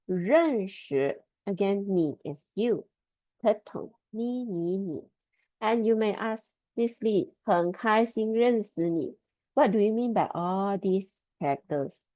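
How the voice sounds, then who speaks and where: Slow, patient woman teaching Mandarin. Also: mid-range voice, warm tone, no room sound. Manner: slow, patient drilling of tones, repeating words. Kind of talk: online language lesson. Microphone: video call. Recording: dull lo-fi video call audio.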